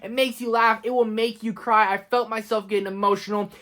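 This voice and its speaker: Gushing, excitable young film reviewer man. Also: high-pitched, brisk. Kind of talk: casual movie countdown vlog.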